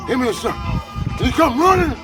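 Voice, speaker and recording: Man, high lively voice, swearing storyteller, music blasting behind. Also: brisk, low-quality recording. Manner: animated, profane, laughing storyteller. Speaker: bricklayer telling work stories. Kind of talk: casual storytelling among friends.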